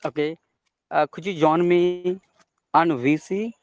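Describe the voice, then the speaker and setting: A man's voice: fairly high pitch, steady tone, takes it slowly, dry recording. Polite, hesitant man student. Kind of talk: asking questions in an online class.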